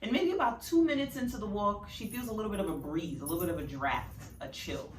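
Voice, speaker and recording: A woman's voice: medium pitch, expressive, quick pace, a little hiss or hum. A woman casually narrating her own story in a chatty, rambling way. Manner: chatty, filler-heavy. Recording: roomy, distant mic.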